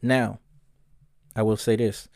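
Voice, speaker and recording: A man's voice: fairly low pitch, level tone, slow, gravelly, darkish tone, no echo, clean studio sound. A man hosting a solo commentary podcast, ranting bluntly and profanely, often getting heated. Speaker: podcast host.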